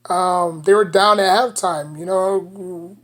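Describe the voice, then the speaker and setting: A woman's voice: lowish voice, slow. Woman with a New York accent, rambling. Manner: rambling, leans heavily on "you know". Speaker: sports vlogger. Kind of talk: casual basketball commentary to camera.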